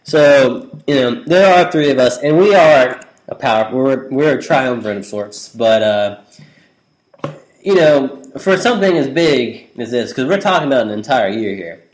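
A man's voice: mid-range voice, animated, moderate pace. Male podcast host, gushing and rambling, recorded in a roomy space with echo. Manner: enthusiastic, rambling. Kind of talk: casual banter.

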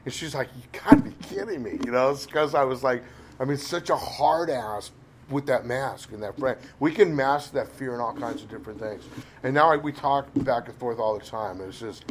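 A man's voice: mid-range voice, normal speed, slight background noise. Rambling middle-aged man sharing his story. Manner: rambling, self-deprecating, frequent "you know". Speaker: recovery speaker. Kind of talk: candid personal recovery talk.

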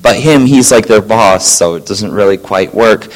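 A science teacher telling a group a lively story about his day, acting out the voices of colleagues. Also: fairly low pitch, moderate pace, rough recording. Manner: animated, acts out quoted voices. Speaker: science teacher sharing a testimony.

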